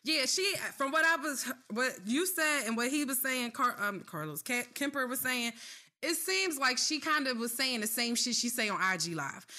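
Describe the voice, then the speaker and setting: A woman's voice: high voice, bright, forceful tone. A woman co-hosting a talk show, ranting in heated, profane gossip commentary. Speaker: podcast co-host.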